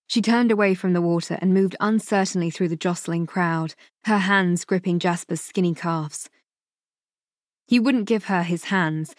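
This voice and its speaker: A woman's voice: lowish voice, dry recording. Woman narrating an audiobook, dry studio sound. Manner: measured, even storytelling.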